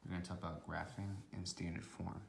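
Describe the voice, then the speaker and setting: A man's voice: sits low, level tone, a little fast, creaky, a little hiss or hum. A man teaching a recorded math lesson, walking through each step methodically and checking in with "okay" along the way.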